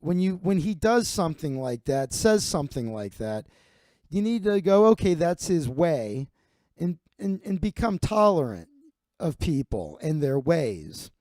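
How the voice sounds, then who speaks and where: A man's voice: fairly high pitch, very animated, measured pace, darkish tone, no echo, studio quality. A man voicing his exasperated Southern mother, scolding and pleading. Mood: earnest.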